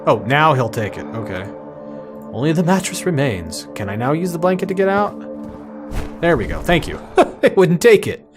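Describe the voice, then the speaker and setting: A man's voice: on the high side, big pitch swings, moderate pace, over music. A man casually commenting on a game as he plays, tossing out jokes and asides. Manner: joking asides, laughs at himself. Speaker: gamer playing and reacting to a game. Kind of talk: let's-play commentary.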